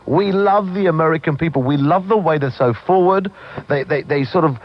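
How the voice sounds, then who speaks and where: A man from Britain hosting a call-in talk radio show, blunt, opinionated and excitable. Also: on the high side, brisk. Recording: muffled 1990s radio broadcast.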